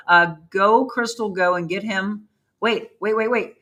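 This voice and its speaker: A woman hosting a morning talk show, gushing and excitable as she urges viewers to adopt dogs. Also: mid-range voice, unhurried, a little hiss or hum. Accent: Midwestern American.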